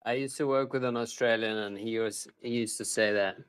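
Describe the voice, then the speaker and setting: An easygoing man with a mid-range voice chats on a live stream. He asks lots of relaxed questions and laughs readily. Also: mid-range voice, normal speed, clean tone, low-quality recording. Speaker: co-host on the stream. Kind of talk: casual live-stream chat.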